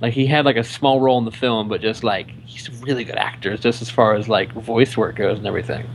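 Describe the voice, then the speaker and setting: A man's voice: fairly low pitch, fast talker, slight background noise. A young man co-hosting a film review show, rambling in casual chat and filling his sentences with "like". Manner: rambling, heavy use of "like".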